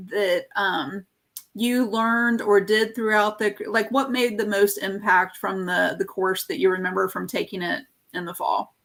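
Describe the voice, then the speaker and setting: Rambling woman hosting a live stream. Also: mid-range voice. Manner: rambling, easily sidetracked. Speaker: host, art course teacher. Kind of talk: casual live-stream interview.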